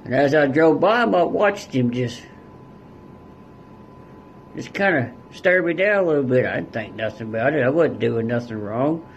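A man's voice: fairly high pitch, lively intonation, moderate pace, long pauses, dull audio, slight background noise. A man guest on a podcast telling a story in a casual, blunt way, with heavy swearing and rural turns of phrase. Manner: blunt and heavily profane, rural dialect.

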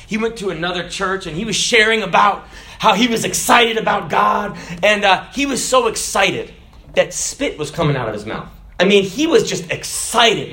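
A middle-aged man preaching a sermon, moving from quiet storytelling to shouted, excited preaching. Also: on the high side.

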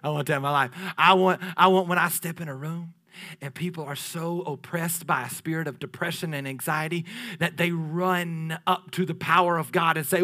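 A man preaching a sermon, lively and playful, swinging from loud declarations down to hushed near-whispers. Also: fairly high pitch, normal speed. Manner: playful asides with laughter to the congregation.

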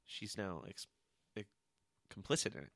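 A man's voice: on the low side, sing-song, normal speed, gravelly, fairly bright tone, no echo. A man co-hosting a casual comic book talk, laughing often and acting out the characters' lines. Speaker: podcast co-host.

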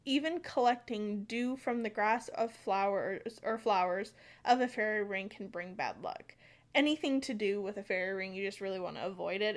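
American woman, podcast co-host, casual, talky, filler-prone. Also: mid-range voice. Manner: chatty, filler-heavy, reads folklore aloud with stumbles.

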